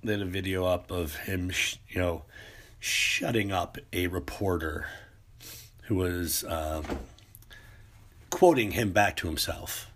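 A man's voice: sits low, slow pace, pauses often, fairly bright tone. A man ranting in a casual, profane monologue, rambling with many restarts.

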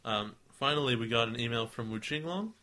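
A man's voice: mid-range voice, animated, a little fast, sharp tone. A man co-hosting a casual podcast, reading a listener's email aloud with frequent laughter and attempts at put-on accents.

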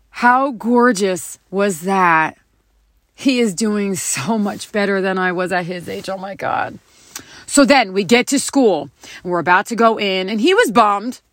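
Slow-talking candid woman podcaster. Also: medium pitch, a bit bright, dry recording. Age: adult parent. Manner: candid, laughs often, swears casually. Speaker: podcast host. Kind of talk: casual spiritual podcast talk.

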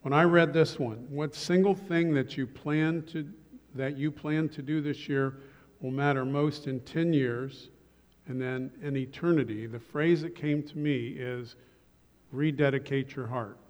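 A male pastor giving a sermon to his congregation, relaxed and joking in asides. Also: mid-range voice, measured pace, long reverb tail, dull audio. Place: church sanctuary.

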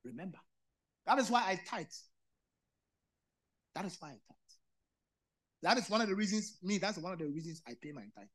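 Male Ghanaian preacher, sermon style, bright forceful tone, dramatic loud-to-quiet swings. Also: animated, brisk, long pauses, breathy edge. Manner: swings between loud bursts and low quiet delivery, repeats phrases. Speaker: pastor.

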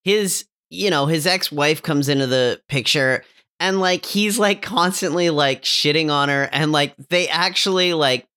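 A podcast co-host ranting about a TV character in an animated, casual way and swearing freely. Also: medium pitch, unhurried, clear, resonant tone. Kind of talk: casual discussion of a TV show.

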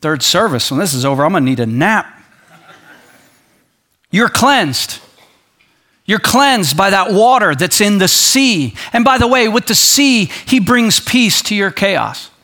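A male pastor preaching a sermon, animated, acting out quoted voices and dropping to a soft low voice for emphasis. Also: measured pace.

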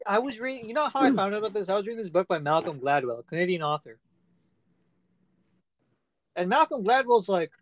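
A man's voice: on the high side, fairly bright tone, dry recording. Heated, profane man on a dry mic. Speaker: podcast co-host. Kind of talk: casual chat.

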